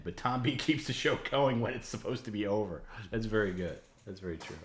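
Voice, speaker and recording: A man's voice: lowish voice, fairly bright tone, roomy sound. A man hosting a casual late-night stream, talking in a rambling way with many fillers and restarts. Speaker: host.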